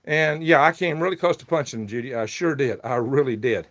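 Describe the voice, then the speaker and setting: A man's voice: mid-range voice, fairly quick, a bit bright. A man hosting a casual livestream, telling a rambling, aggrieved story. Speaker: livestream host selling worms.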